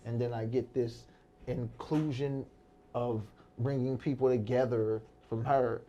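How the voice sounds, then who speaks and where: A man's voice: fairly even intonation, unhurried, warm tone, dull audio, slight background noise. A man who is a comedian, chatting casually with a guest and telling funny stories about his family. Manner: storytelling, mimics his mom in high voice. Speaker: comedian host. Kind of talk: casual interview chat.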